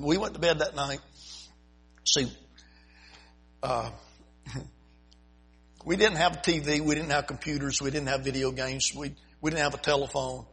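Preacher guy telling a funny mission story, bit husky, kinda high and punchy. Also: bright, forceful tone. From United States. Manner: folksy, humorous, chuckles at his own stories. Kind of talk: storytelling sermon. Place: church before a congregation.

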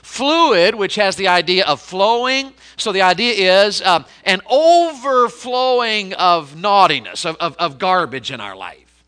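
A middle-aged man preaching a sermon, telling homespun stories and swinging from loud emphasis to quiet intensity. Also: sits high, lively intonation, measured pace, clear, resonant tone. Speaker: pastor.

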